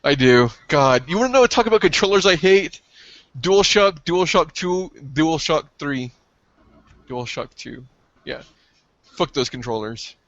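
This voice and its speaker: A man co-hosting a casual gaming podcast, excitable and profane, breaking into yelps when something thrills him. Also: fairly high pitch, measured pace, no room sound, highs cut off. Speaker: podcast co-host.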